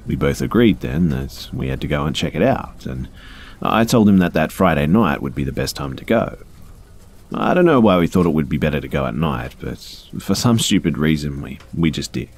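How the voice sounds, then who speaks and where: A man calmly reading first-person scary stories aloud, in a measured storytelling manner. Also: a bass voice, a little hiss or hum. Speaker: story narrator.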